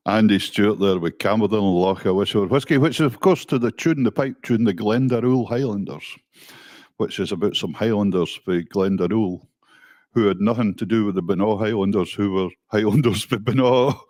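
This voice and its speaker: A man's voice: lowish voice, normal speed, a little mellow, no room sound. A Scottish man hosting a music show, chatting casually and rambling with self-corrections. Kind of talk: casual radio-style presenting.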